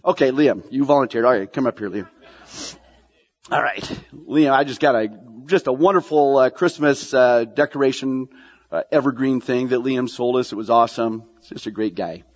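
A pastor with a medium-pitched voice speaks at a normal speed during an animated sermon. He repeats lines for emphasis and asks his congregation questions, and the dull recording carries a long hall reverb.

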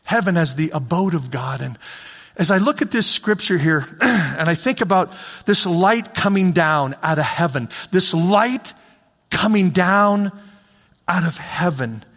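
A man's voice: sits high, animated, measured pace, a bit bright. A man preaching a sermon as pastor, in a conversational way that repeats phrases for emphasis. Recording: long reverb of a large hall.

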